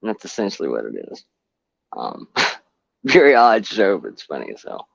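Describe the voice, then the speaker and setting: A man's voice: sits low, wildly swooping pitch, normal speed, vocal fry, husky, dry recording. Blunt, profane man, dull audio. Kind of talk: casual live chat.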